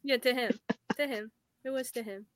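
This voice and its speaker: A woman's voice: a little high, fairly even intonation, normal speed, dry recording. A woman on a casual comedy panel, frankly describing herself and teasing a co-panelist.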